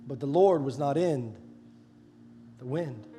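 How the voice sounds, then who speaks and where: A male pastor preaching a sermon, swinging between loud passionate preaching and soft near-whispers. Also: medium pitch, slow, pauses often. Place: church sanctuary. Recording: live hall with long reverb and music underneath.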